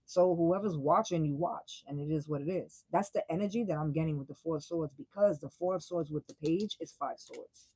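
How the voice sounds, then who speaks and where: A young woman giving a casual live tarot reading, blunt and profane, full of slang and quick laughs. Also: deep voice, dark tone, husky, dry recording, poor audio. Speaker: tarot reader.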